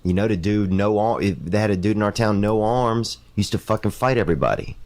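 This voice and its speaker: A man in casual podcast chat, talking in a rough, profane, slangy way. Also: on the low side, brisk, darkish tone.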